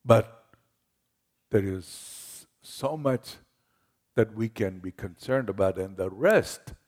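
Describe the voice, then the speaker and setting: A man's voice: fairly low pitch, expressive, slow, darkish tone. A man as pastor, giving a conversational sermon that retells scripture in everyday words.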